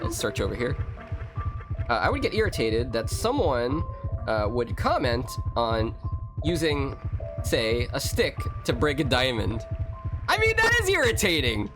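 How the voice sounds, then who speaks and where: Animated male game streamer. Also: mid-range voice. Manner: animated, rambling, reading chat, exclamatory. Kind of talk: casual live-stream commentary.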